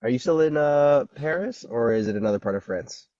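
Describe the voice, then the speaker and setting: A man's voice: mid-range voice, expressive, fairly quick, dark tone, no room sound, highs cut off. A man hosting a casual podcast, talking in a laid-back, loose way while getting over covid. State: recovering from covid. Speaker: podcast host.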